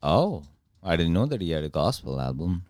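A man's voice: low-pitched, big pitch swings, moderate pace, a little mellow, dry recording, studio quality. A man co-hosting a podcast in casual chat, joking and teasing his friends. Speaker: podcast co-host.

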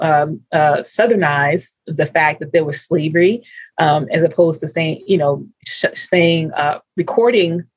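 An earnest panel speaker with a husky, breathy voice, thinking aloud and circling back to restart sentences. The recording is dry, close, and a bit muffled and lo-fi. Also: mid-range voice, no room sound. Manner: earnest, searching for words, frequent restarts. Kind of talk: unscripted panel discussion. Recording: dull lo-fi recording.

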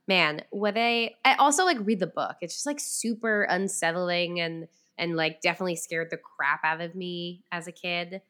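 A woman co-hosting a podcast in casual chat, with a bright, forward voice. She talks animatedly, filling her sentences with likes and ums. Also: fairly low pitch, moderate pace, hardly any pauses. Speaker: podcast co-host.

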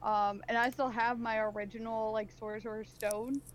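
A woman with a slightly high voice tells a casual story on a gaming podcast, chatty and filler-heavy. A faint hiss of noise runs under her line. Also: level tone, normal speed. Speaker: podcast co-host.

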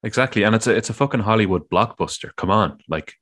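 A man's voice: on the low side, fast. A man co-hosting a casual chat, talking loosely and swearing now and then. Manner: casual, swears, quotes film lines loudly. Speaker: co-host.

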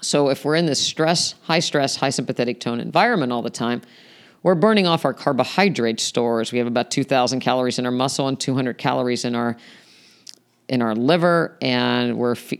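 On his own health podcast, a male host talks through topics in an explanatory, conversational manner, frequently dropping in "you know" and other fillers. He speaks fairly quickly with a clean, medium-pitched voice.

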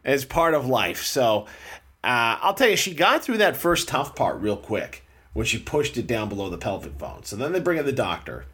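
A young man hosting a casual chat, telling a story in an animated way with frequent laughter. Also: medium pitch, moderate pace, slightly rough.

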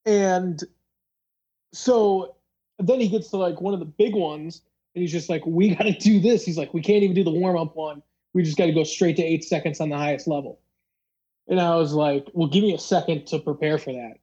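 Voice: mid-range voice, normal speed, dark tone, highs cut off. A podcast host telling a long story in casual chat, rambling with lots of fillers and acting out the other people's lines. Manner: rambling, filler-heavy, acts out dialogue.

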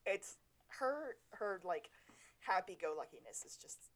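A woman's voice: medium pitch, very animated, measured pace. A woman co-hosting a podcast, recapping a TV episode in casual, rambling chat. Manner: chatty, rambling, self-correcting. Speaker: podcast co-host.

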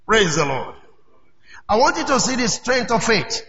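High-voiced preacher man in echoey hall. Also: big pitch swings, moderate pace. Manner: emphatic preaching, calls out to congregation, shouts key lines. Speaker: pastor. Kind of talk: sermon. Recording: roomy hall echo, dull lo-fi sound.

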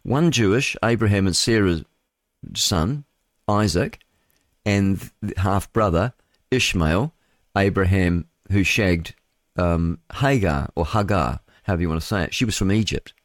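A man's voice: low voice, unhurried, no room sound. A male radio host, reading news items and adding rambling, mocking commentary with chuckling asides. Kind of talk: solo talk radio commentary.

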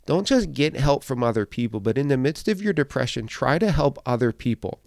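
A man's voice: medium pitch, animated, a little fast, creaky, a little mellow, dry recording, studio quality. A man preaching a sermon in an earnest, emphatic and encouraging way.

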